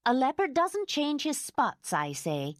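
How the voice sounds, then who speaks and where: A woman's voice: high-pitched, wildly swooping pitch, a little slow, no room sound, clean studio sound, voice pushed up, heavily acted. Woman voicing a fierce fussing housekeeper. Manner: indignant, fussing.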